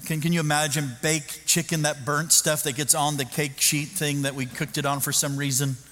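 A man's voice: a little high, normal speed. Male pastor, raised voice, comic sermon storytelling, live hall with long echo and noise. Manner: animated, self-mocking, with frequent restarts. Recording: echoey hall with background noise.

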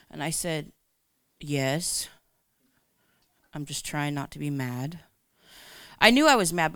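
A woman giving a candid, animated personal faith testimony, acting out her own lines of dialogue as she tells it. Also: sits low, creaky, no echo, studio quality. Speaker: Christian speaker.

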